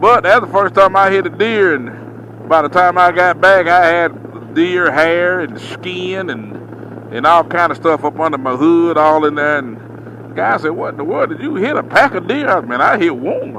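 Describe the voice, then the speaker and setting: A man's voice: on the high side, a little slow, pushed and bright, a little hiss or hum, low-quality recording. A man, a truck driver, telling a story in a casual, drawling way and acting out his own reactions.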